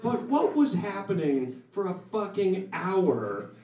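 A male stand-up comedian doing an excitable, animated set on a comedy club stage. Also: high-pitched, slow. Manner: excitable, animated, laughs at own bits. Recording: roomy club sound, distant mic, audience laughter.

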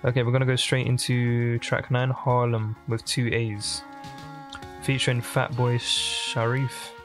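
Man musing aloud in a flat tone. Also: mid-range voice, over music. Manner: thinking aloud, musing and pausing. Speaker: music reaction host. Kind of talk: casual commentary.

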